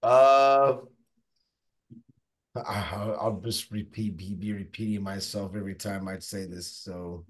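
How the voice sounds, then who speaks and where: A man guest on a podcast, talking excitably and stuttering as he urges listeners on. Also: fairly low pitch, measured pace. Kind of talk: casual chat and fervent exhortation.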